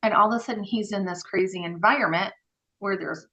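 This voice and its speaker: A woman guest on a podcast, telling stories in a casual, animated way with many fillers and acted-out dialogue. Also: mid-range voice, fairly quick, highs cut off. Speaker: podcast guest, former group home worker. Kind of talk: casual interview storytelling.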